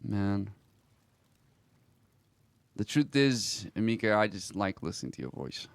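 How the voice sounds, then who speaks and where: A man streaming a roleplay game, reading in-game messages aloud slowly and reacting to them in a quiet, reflective way, with sighs between lines. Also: lowish voice, expressive, dry recording.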